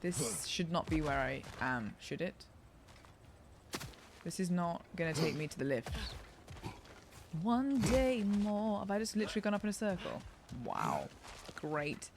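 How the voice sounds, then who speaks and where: A woman's voice: lowish voice, vocal fry, noisy background. Chatty woman narrating her gameplay. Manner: chatty, thinks aloud, self-deprecating. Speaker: gaming streamer. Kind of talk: casual let's-play commentary.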